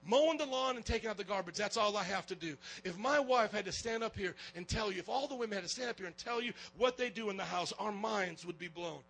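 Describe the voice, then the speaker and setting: A man delivers a spirited sermon from the pulpit and keeps calling the congregation for an amen. His voice sits high and sounds bright and forceful. He often swells into loud, emphatic preaching. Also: fast, vocal fry, few pauses, low-quality recording. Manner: lively preaching, calls for amens and gets loud. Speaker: pastor.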